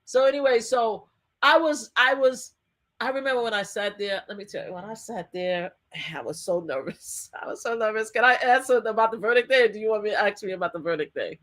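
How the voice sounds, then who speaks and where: Animated woman retelling a courtroom day. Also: on the high side, fairly quick. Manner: lively retelling with quoted voices and laughter. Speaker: survivor advocate. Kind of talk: animated interview storytelling.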